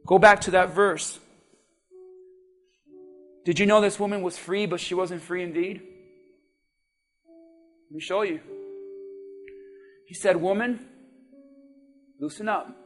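Very high-voiced male pastor preaching. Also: steady tone, slow, pauses often, faint music behind. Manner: fervent, exhorting preaching. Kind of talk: sermon.

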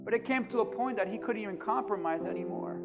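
Pastor, male, very high voice, animated preacher who bursts into shouts, booming reverberant church with music underneath. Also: fast talker. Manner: animated preaching, acts out quotes, shouts for emphasis. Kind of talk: sermon. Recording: long hall reverb with music behind.

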